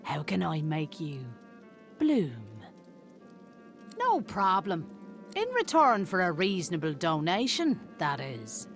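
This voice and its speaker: A sly herb dealer who drawls a sultry sales pitch in a video game. Her voice is low for a woman, slow and richly varied, with faint music behind. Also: huge pitch swings, heavily acted. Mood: sultry selling.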